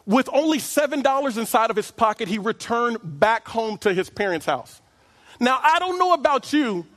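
A man preaching a sermon as pastor, animated and lively, stretching out his phrases and chuckling as he goes. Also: very high-pitched. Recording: long hall reverb.

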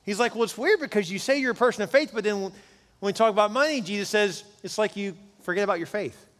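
A man's voice: high voice, fast, fairly bright tone, long reverb tail. A male pastor preaching a sermon in a conversational, joking storytelling manner.

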